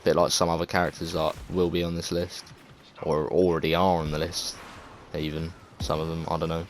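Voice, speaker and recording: A man's voice: sits low, level tone, brisk, slight background noise. An English man giving casual, rambling gameplay commentary, full of fillers, restarts and swearing. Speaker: gaming video creator.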